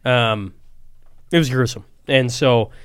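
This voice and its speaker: A man of middle pitch with a smooth, clear voice hosts a casual chat. He talks earnestly and a little hesitantly, circling back to his point. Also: slow pace, fairly bright tone. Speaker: podcast host.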